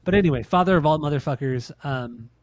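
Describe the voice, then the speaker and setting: A man's voice: fairly high pitch, quick pace, a little mellow. A man in his late thirties chats casually on a podcast, blunt and full of swearing, circling back to repeat his points. The sound is dry and close, with no room echo. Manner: blunt, profane, repeats himself when making a point. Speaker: podcast co-host. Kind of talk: casual podcast chat, ranking albums.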